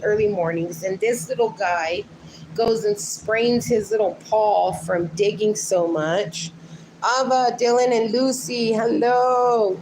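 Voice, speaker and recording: A middle-aged woman hosts a relaxed livestream from her home, chatting loosely with viewers and reading their comments aloud. She talks at an unhurried pace, and a steady hiss of background noise sits under her phone-mic voice. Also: mid-range voice. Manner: speaks fondly to her sleeping dogs. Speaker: livestream host. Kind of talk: casual livestream chat.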